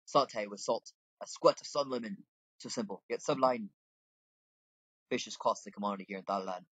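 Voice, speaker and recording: A man's voice: fairly low pitch, moderate pace, a bit bright, slightly rough, no echo. A man doing a pompous fussy cook. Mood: grandiose. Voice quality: theatrical, grandiose phrasing. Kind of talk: reading game dialogue aloud. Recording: dull lo-fi home mic.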